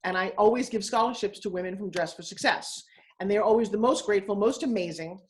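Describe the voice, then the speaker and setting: Fast-talking, blunt woman in her sixties. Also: medium pitch. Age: 60s. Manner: emphatic, blunt and animated. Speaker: guest. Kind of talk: live video interview.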